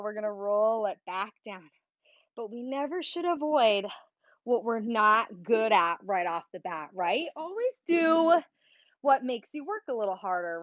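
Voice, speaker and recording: A woman's voice: on the high side, dry recording, muffled recording. A woman leading a Pilates workout, cueing breaths and moves in an upbeat, encouraging, playful way. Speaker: Pilates instructor. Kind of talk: guided workout instruction.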